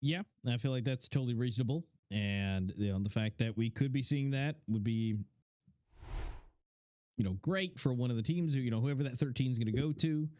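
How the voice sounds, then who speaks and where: A man's voice: mid-range voice, fairly quick, mellow, no echo. A man doing color commentary on a live esports match, meandering and full of fillers. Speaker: esports co-caster.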